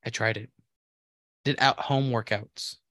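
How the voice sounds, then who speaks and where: A man's voice: medium pitch, steady tone, measured pace, no room sound. A man co-hosting a casual podcast chat, swearing often and mimicking his friend in a raised voice. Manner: loud swearing outbursts, mocking quotes in raised voice. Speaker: podcast co-host.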